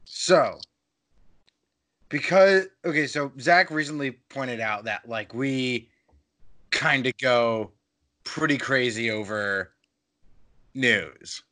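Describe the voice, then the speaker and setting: Podcast host guy, bright kinda sharp voice, jokey and rambly. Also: medium pitch, slow pace, long pauses. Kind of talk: casual podcast chat.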